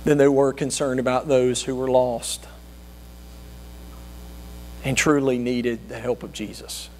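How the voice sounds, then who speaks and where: A man's voice: flat delivery, measured pace, a little mellow, a little hiss or hum. A man preaching a sermon who slips into whiny, self-righteous voices for the people he describes. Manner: acts out whiny self-righteous voices, rising high when mimicking.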